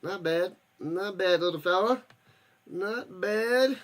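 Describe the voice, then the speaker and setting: A man with a high, forceful voice calls the game live for his stream. He chats casually with viewers between plays and erupts into shouts when something big happens. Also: takes it slowly. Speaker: watch-party streamer and host. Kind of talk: casual live play-by-play commentary.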